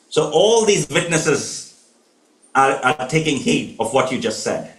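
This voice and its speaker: Slow, earnest man telling scripture. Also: medium pitch, very animated, fairly bright tone. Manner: earnest, with repeated restarts. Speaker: spiritual storyteller. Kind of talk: scripture storytelling talk. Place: home gathering room. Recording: echoey room.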